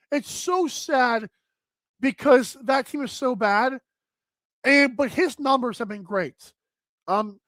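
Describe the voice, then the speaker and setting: A woman hosting a live sports talk stream, chatting casually and thinking out loud with lots of filler words as she addresses viewers. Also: sits high, dry recording. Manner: chatty, thinks aloud with many "like"s, addresses chat. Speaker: sports talk show host.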